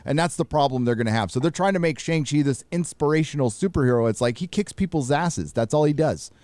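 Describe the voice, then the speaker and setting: A man's voice: on the high side, expressive, fast talker, darkish tone, dry recording. A man co-hosting a casual panel chat, talking bluntly and profanely, rambling with fillers. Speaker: co-host.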